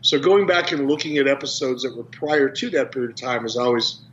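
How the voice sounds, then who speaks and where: A man being interviewed as a guest, talking in a measured, businesslike way over a phone line. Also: mid-range voice, fairly bright tone, a little hiss or hum. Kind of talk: casual interview.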